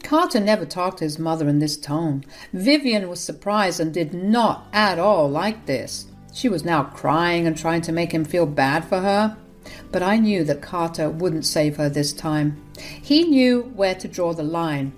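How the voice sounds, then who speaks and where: A woman narrating a first-person story in an even, matter-of-fact way with sarcastic jabs. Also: on the low side, measured pace, soft background music.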